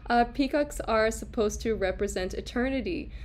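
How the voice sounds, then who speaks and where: A woman speaking at normal speed in a slightly high voice hosts a casual art lecture streamed live. She keeps it chatty with frequent laughter, lots of fillers and restarts, and replies to viewers' comments as she goes.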